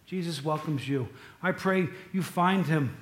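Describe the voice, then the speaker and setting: A man's voice: on the high side, measured pace, reverberant. A man preaching a sermon, telling stories in a loose, conversational way with asides to the congregation. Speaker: pastor.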